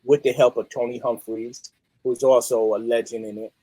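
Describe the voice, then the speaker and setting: A middle-aged man, a musician guest telling stories in a streetwise, animated way. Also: medium pitch, moderate pace, slightly rough, no room sound, low-quality recording. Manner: animated, streetwise, peppered with "you know what I mean". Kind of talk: casual interview storytelling.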